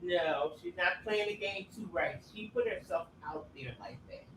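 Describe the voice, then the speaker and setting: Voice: medium pitch, moderate pace. A co-host talking casually and cutting in with opinions during a live recap chat. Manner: conversational, interjecting. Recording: faint background noise.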